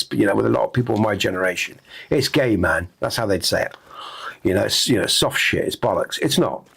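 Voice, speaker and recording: Middle-aged man, husky voice, reflective chat, rambling, earnest. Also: mid-range voice, fairly bright tone. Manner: rambling, earnest, many fillers and restarts. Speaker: game streamer host. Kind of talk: reflective casual chat on stream.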